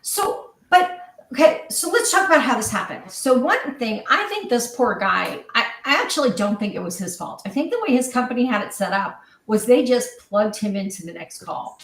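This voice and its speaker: A woman hosting a panel discussion on sales, telling stories in an animated, conversational way. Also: fairly high pitch, moderate pace, echoey room, recorded from a distance, rough recording. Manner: storytelling, animated, quoting others. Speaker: host.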